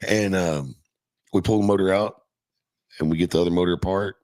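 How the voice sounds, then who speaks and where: A man's voice: deep voice, fairly even intonation, fairly quick, darkish tone, no echo. A middle-aged man casually telling a profane, laughing story from his youth as a podcast guest.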